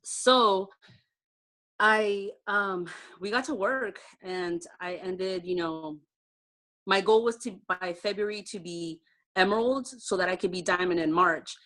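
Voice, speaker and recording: On a video call, a direct-sales team leader shares her personal success story, heartfelt and conversational with lots of fillers. She speaks slowly, at a medium pitch, with a slightly bright voice.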